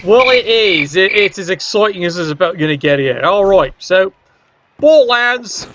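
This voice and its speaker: Man, game commentator, casual and joking, fairly high voice, muffled lo-fi audio. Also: expressive, moderate pace, a bit bright, a little hiss or hum. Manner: chatty, joking asides to the chat.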